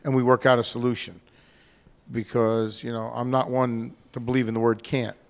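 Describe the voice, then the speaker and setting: A man's voice: medium pitch, flat delivery, moderate pace, creaky. A man on a panel answering an audience question in a candid, rambling way, acting out what others said. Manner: candid, rambling, acts out quotes. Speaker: panel guest. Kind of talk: casual Q&A answer.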